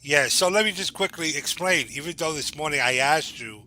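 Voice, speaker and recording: A man, joining a live stream as a guest and telling a story in an animated, jokey way. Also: fairly high pitch, moderate pace. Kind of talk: casual live-stream chat.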